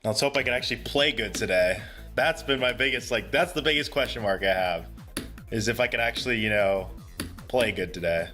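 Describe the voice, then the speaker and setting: A man's voice: fairly low pitch, fairly quick, pushed and bright, soft background music. A young man talking casually to viewers during a live stream, earnest and chatty, swearing freely and laughing often. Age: young adult.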